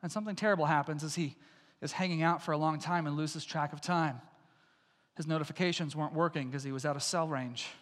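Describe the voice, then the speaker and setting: A man's voice: fairly high pitch, a bit bright, in a large hall. A man preaching a sermon as pastor, emphatic and repeating lines for stress.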